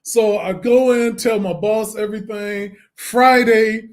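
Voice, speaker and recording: High-voiced man telling a story. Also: slow. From Detroit, USA. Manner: lively, acts out voices in his story, laughs often. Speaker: guest. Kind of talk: animated storytelling in an interview.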